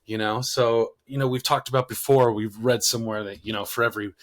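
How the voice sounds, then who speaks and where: A man's voice: mid-range voice, a little fast. Male podcast co-host, mid-range voice, loose rambling storyteller. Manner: rambling, many fillers, animated when quoting himself. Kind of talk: casual conversational storytelling.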